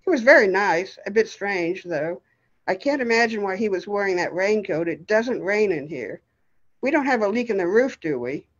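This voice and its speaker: A woman's voice: medium pitch, expressive, moderate pace, highs cut off, natural voice. A woman voicing a feisty, stubborn elderly woman with dementia, scolding in a tart way. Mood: rambling. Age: older.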